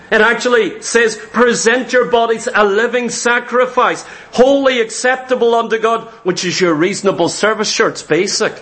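A man's voice: extremely high pitch, fairly bright tone. A man preaching a sermon, emphatic and repetitive, quoting scripture.

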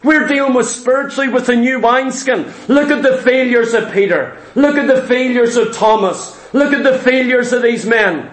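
A man with a very high voice delivers a sermon with emphatic, repetitive phrasing. His words ring out in an echoey room. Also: moderate pace, hardly any pauses. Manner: emphatic, repetitive preaching, rising to shouts. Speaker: preacher.

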